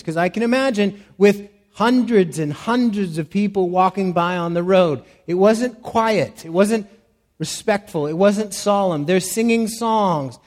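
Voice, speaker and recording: Male pastor, fairly high voice, sermon delivery, emphatic retelling with raised cries. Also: unhurried, in a large hall. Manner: preaching with rising, emphatic cries in quoted pleas.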